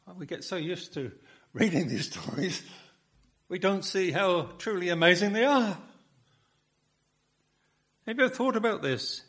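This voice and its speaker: A man's voice: high voice, expressive, measured pace, pauses often, fairly bright tone, breathy edge. A man preaching a sermon, building his points with rhetorical questions and emphatic repetition.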